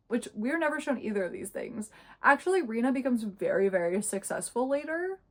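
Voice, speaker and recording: A woman's voice: a little high, expressive, brisk. A young woman in her twenties, chatting casually and sarcastically while reviewing a book. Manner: chatty, sarcastic, many fillers. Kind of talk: casual chat.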